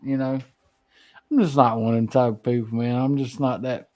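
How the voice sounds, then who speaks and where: A man's voice: medium pitch, fairly even intonation, moderate pace, darkish tone. A man, hosting a casual talk show, rambling with many restarts and folksy swearing. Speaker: podcast host. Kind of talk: casual chat.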